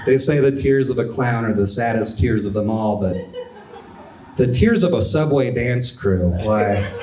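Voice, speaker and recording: A young man in his twenties doing a stand-up comedy set with a dry, deadpan delivery in a club. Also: medium pitch, unhurried, background noise. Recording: echoey club with audience laughter. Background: crowd laughter.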